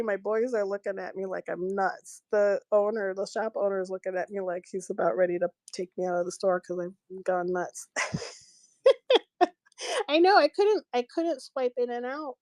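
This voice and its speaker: A woman's voice: mid-range voice, a little mellow, no echo. Middle-aged woman chatting on her craft livestream, laughs a lot, trips over words, dry close sound. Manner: chatty, laughs often, many restarts. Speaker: craft live-stream seller. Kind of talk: casual live-stream chat while crafting.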